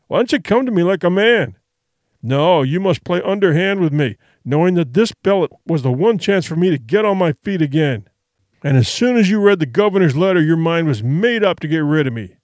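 A man voicing a resentful drunken ship captain who talks in a hoarse, snarling, accusing way. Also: on the high side, lively intonation, moderate pace, a little mellow, no room sound, natural voice. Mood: bitter, accusing.

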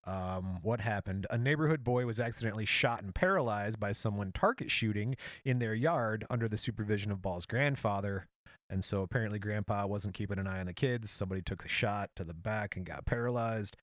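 A man's voice: fairly low pitch, brisk, dry recording, clean studio sound. Jokey man reading history notes. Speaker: podcast host. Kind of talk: casual storytelling chat.

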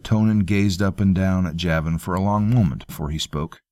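An audiobook narrator with a low-pitched voice reads a scripted fantasy story in a measured, even storytelling style. The audio is studio quality and free of echo.

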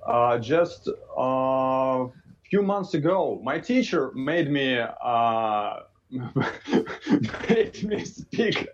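A man with a Russian accent talks as a podcast guest in slow, halting English, stopping often to search for words. His pitch rises and falls a lot. The audio is dull and lo-fi. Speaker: guest musician. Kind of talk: casual podcast chat.

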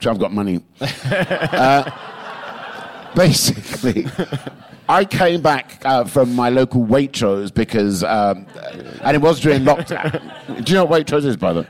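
A male comedian, telling lively, swearing stories in a podcast chat. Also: unhurried. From England. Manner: animated, swearing, pitch jumping high for emphasis. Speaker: guest comedian. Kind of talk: comic storytelling in a podcast chat.

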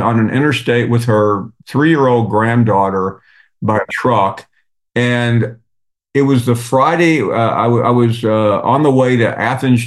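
A radio host speaks as a guest on a podcast, reflective and halting. He restarts often, and his voice sits at an ordinary middle pitch. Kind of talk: conversational interview.

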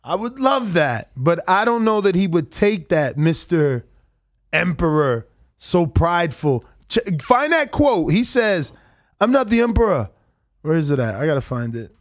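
A man's voice: fairly high pitch, measured pace, no room sound, studio quality. A man chatting casually about boxing and social media, reading out quotes animatedly. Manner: animated, reads quotes aloud with laughs. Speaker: podcast co-host. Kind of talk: casual chat.

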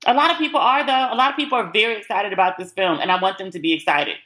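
Bright-voiced woman chatting frankly. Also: mid-range voice, rapid-fire. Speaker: podcast host. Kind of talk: casual solo chat.

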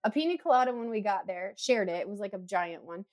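A woman's voice: mid-range voice, lively intonation, fast talker, darkish tone. A woman in her thirties, chatting casually and telling stories with animation, acting out her own screams and quotes. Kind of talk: casual chat.

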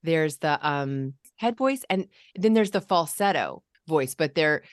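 Low-voiced woman coaching on parenting. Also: lively intonation, unhurried, dry recording, studio quality. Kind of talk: casual conversation.

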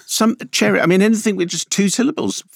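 Male film critic co-host, mid pitch, wry and grumbly with sudden upward swoops, very dry studio sound. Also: quick pace, gravelly, no echo. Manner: wry, grumbling, swoops up when making a point. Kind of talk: casual banter and reading listener emails. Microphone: studio microphone.

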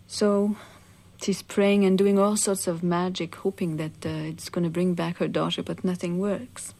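A woman with a fairly low voice tells an old legend aloud. She takes her time and speaks casually, breaking in with little asides to her listeners. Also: vocal fry, a little mellow. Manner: unhurried, conversational, frequent "you see" asides. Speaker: storyteller. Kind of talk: oral legend telling.

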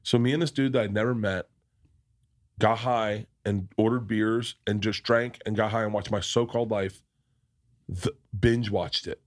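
A man's voice: lowish voice, steady tone, normal speed. Podcast host, male, from the US South; loose, rambling storyteller who swears freely and restarts a lot. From American South. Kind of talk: casual storytelling chat.

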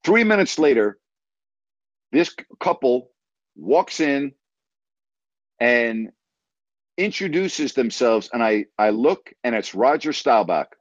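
A man from New York spins an animated sports anecdote and acts out each line of dialogue. His voice sits at a middle pitch. The sound is dry and a little dull. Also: takes it slowly, pauses often, dry recording. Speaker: TV sports announcer. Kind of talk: casual storytelling chat.

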